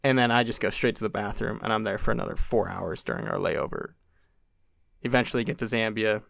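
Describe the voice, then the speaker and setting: A young podcast guest tells a long, casual story at a brisk pace in a low, gravelly voice, recorded dry and close to the mic. He stays loose and animated, often saying "like" and doing little voices for the people he quotes.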